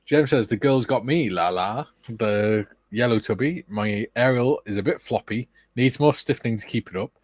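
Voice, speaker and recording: A man co-hosting a relaxed hobby session, reading viewer comments aloud in an easygoing way. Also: medium pitch, moderate pace, hardly any pauses, dry recording. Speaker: co-host reading chat. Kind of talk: casual chat while model building.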